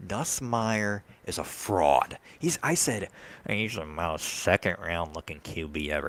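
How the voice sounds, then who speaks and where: Man, very deep, gravelly, heated sports rant. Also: animated, measured pace, fairly bright tone, no room sound. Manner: heated, ranting fan. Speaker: podcast co-host. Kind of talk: casual sports chat.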